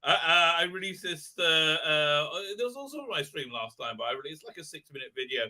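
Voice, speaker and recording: A man's voice: fairly high pitch, very animated, fairly quick, pushed and bright. A middle-aged man hosting a live stream, rambling casually with lots of fillers and blunt jokes. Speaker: host.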